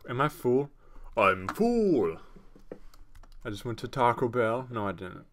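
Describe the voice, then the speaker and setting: A young man casually commentating his own gameplay at home on a desktop microphone, rambling and self-mocking with sudden excited outbursts. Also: mid-range voice, a little fast, slight background noise. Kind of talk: casual let's-play commentary. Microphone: desktop USB microphone.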